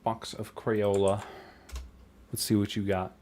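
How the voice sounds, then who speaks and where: A young man streaming, reviewing viewer animations in casual, blunt commentary, quick to swear and laugh. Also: on the low side, little pitch movement, darkish tone, a little hiss or hum.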